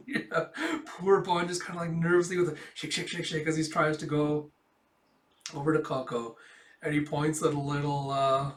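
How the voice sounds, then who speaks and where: A man's voice: fairly high pitch, level tone, moderate pace. A man hosting a casual manga reading, chatty and laughing, with lots of fillers. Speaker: host. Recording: roomy sound from a distant mic.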